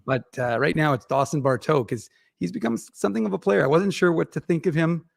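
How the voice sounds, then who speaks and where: Rambling hockey-pod regular, male, gravelly, dry close mic. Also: on the high side, fast, no echo. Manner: rambling, chatty, many fillers and restarts. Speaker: regular podcast contributor reporting on the Moose. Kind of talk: casual hockey podcast chat.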